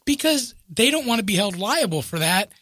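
Middle-aged man, bright and forceful tone, dry close sound, self-mocking storyteller. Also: sits high, normal speed, no echo. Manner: animated, self-mocking, voices others in quotes. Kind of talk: casual storytelling.

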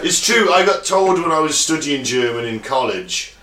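A man's voice: on the high side, animated, normal speed, bright, forceful tone, reverberant, recorded from a distance. A man hosting a podcast, bantering casually, rambling, laughing and swearing freely. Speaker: podcast host.

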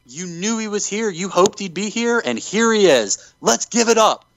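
A man's voice: high voice, animated, normal speed, pitched above the performer's own voice. A man putting on a gloating villainous TV announcer, theatrical and over the top. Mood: hyping. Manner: theatrical, shrieking cackling gloat.

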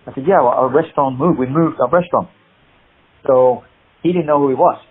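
A man's voice: medium pitch, brisk. Older man telling stories down a tinny line. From United Kingdom. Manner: animated, quotes people in dialogue, laughs at his own stories. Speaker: guest, martial artist and actor. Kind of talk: anecdotal storytelling in an interview. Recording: husky voice over a tinny phone-like line.

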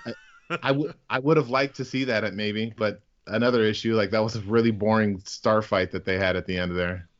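A man co-hosting a casual podcast, excitable, swearing often and acting out quotes in a higher voice. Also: a little fast, muffled recording. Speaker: podcast co-host. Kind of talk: casual chat.

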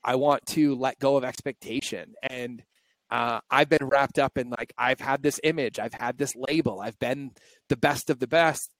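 A man's voice: medium pitch, fairly even intonation, moderate pace, a bit bright, dry recording, poor audio. A male podcast host talking openly and reflectively in a candid conversation, his voice shaky and close to tears. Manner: open, reflective, confessional.

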